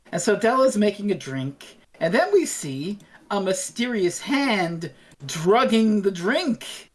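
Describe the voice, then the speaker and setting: A woman's voice: mid-range voice, big pitch swings, takes it slowly. A woman co-hosting a podcast, recapping an episode in a playful, giggly way and acting out the characters' lines. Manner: playful and giggly, acting out scenes in quoted voices. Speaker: podcast co-host. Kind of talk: casual chat, recapping an episode.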